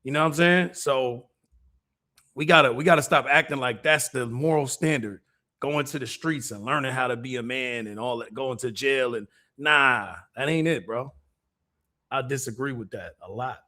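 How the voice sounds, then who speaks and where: A man's voice: mid-range voice, normal speed, bright, forceful tone. A man hosting a stream, giving laid-back, amused streetwise commentary. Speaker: livestream host. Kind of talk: casual commentary chat.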